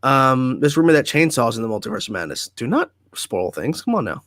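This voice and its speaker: A man's voice: mid-range voice, huge pitch swings, brisk, fairly bright tone, dry recording, clean studio sound. A man hosting a casual livestream from home, chatting easily and reading viewer comments aloud before answering them. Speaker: livestream host.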